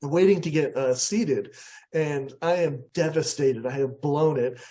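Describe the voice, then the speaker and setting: An American man giving a storytelling presentation, animated and jumping up high in pitch when he acts out what people said. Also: unhurried. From USA. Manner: animated, acts out quotes with big pitch jumps. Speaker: guest speaker.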